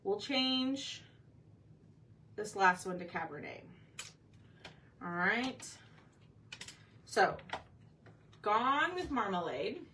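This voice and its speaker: Bright-voiced woman painting live. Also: medium pitch, big pitch swings, drawn-out words, long pauses. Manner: chatty, thinks aloud, asks viewers for input. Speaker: craft painting host. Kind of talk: casual live painting chat. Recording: slightly distant mic with faint background noise.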